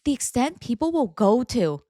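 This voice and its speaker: Animated chatty woman co-host. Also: on the high side, normal speed, no echo, studio quality. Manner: animated, chatty, laughs often. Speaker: co-host reading Reddit stories. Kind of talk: casual chat with partner.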